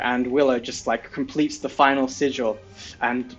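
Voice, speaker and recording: A man's voice: mid-range voice, fairly even intonation, moderate pace, a bit bright, muffled recording, soft background music. A man narrating as game master of a tabletop role-playing game, rambling with many fillers.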